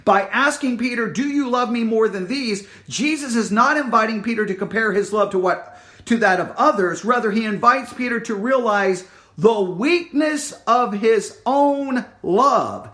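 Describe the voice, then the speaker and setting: Preaching in a notably high voice with lively intonation, a man reads from scripture and recounts it with dramatic swings. For emphasis he sinks almost to a whisper, stretching his words, before climbing back up, and he frequently restarts and repeats himself.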